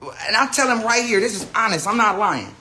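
Bright-voiced man on a profane rambling rant. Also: high-pitched, lively intonation, brisk, slight background noise. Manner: profane, rambling, restarts often. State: says he is high. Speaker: person telling his side of a story. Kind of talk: unscripted rant to viewers.

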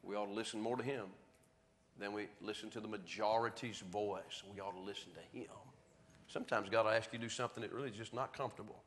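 A middle-aged pastor with a fairly low voice talks fast and steadily in a church sanctuary, spinning folksy homespun stories before moving into a quiet, earnest appeal. The live stream carries church hall reverb.

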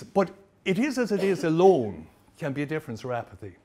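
A man giving a lively motivational presentation to trainees, telling stories with humor. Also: fairly high pitch, fairly quick. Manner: animated, storytelling, jokey. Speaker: motivational speaker.

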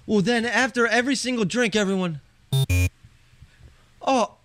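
A man co-hosting a casual podcast, telling ranting stories and shouting out his own quoted complaints. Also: very high-pitched, moderate pace, no echo, soft background music. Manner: animated ranter, shouting when acting out his own quotes. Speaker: podcast co-host. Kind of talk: casual chat, ranting storytelling.

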